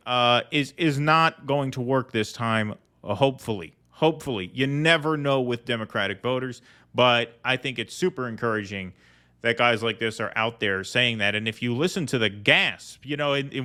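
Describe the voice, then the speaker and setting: A man hosting a podcast, offering casual political commentary in a halting, conversational way. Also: mid-range voice, sharp tone. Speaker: podcast host.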